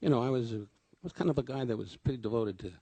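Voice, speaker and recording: A man's voice: mid-range voice, quick pace, warm tone, husky, no echo. An older man, a comedian, giving a rambling, self-deprecating memorial tribute full of anecdotes.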